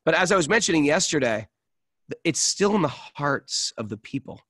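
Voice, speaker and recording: A man with a slightly raised pitch, co-hosting a relaxed spiritual talk show. He tells stories with energy and acts out the voices of the people in them. The sound is dry and close. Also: moderate pace, dry recording. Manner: animated storyteller, acts out voices. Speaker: podcast co-host. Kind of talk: casual spiritual chat.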